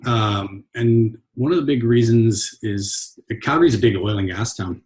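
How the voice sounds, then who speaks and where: A man from Canada talks as an interview guest about running his agency. He speaks in a relaxed, halting way, often pausing and restarting, with a voice on the low side. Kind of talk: casual interview chat.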